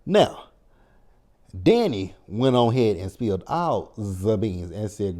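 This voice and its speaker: A man recaps a TV episode in a loose, wry, chatty way, swearing freely. His voice is low-pitched and mellow. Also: big pitch swings, slow. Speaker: TV recap channel host.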